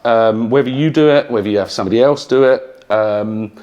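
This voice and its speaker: A man's voice: mid-range voice, brisk, darkish tone, clean tone, highs cut off. Middle-aged British man lecturing, frank and chatty. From United Kingdom. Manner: conversational, frank, with frequent "yeah?" check-ins. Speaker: entrepreneur giving a talk. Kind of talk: lecture to students. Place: university lecture room.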